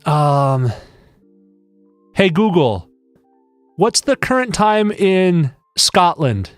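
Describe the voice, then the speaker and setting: A man's voice: high voice, big pitch swings, very slow, faint music behind. A man chatting casually on a live stream, rambling and joking with many restarts.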